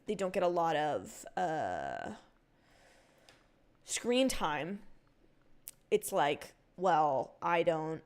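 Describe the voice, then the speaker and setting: A young woman streaming a cozy video game, chatting casually with her viewers, rambling with lots of fillers and breaking into excited outbursts. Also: medium pitch. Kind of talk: casual livestream chat while gaming.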